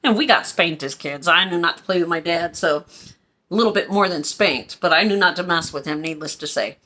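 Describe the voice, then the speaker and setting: A woman from Pennsylvania telling a personal story in a casual, animated vlog style. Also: lowish voice, fairly quick. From Pennsylvania, USA. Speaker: vlogger.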